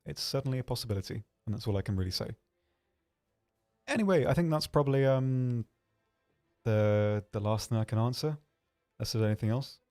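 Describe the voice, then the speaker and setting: A man hosting a livestream, answering viewer questions in a hesitant, rambling way with dry, deadpan humor. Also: medium pitch. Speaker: livestream host.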